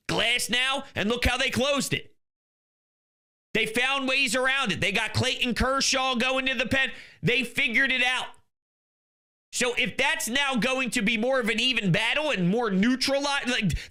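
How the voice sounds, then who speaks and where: A young man with a very high, piercing, tense voice hosts a sports talk show. He rants in heated, exasperated bursts and often breaks into shouting. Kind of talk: ranting sports commentary.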